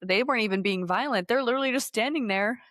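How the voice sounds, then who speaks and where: A woman co-hosting a podcast in casual chat, animated and laughing, often acting out what others said. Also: on the high side, fast, dry recording, studio quality. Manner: animated, laughing, acts out quotes. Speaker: podcast co-host.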